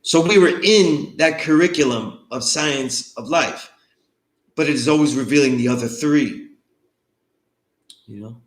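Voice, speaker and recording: In an echoing space, a mid-range male voice unhurriedly leads an online class, pausing often. He keeps things loose and conversational, regularly checking on his students with "you know what I mean?"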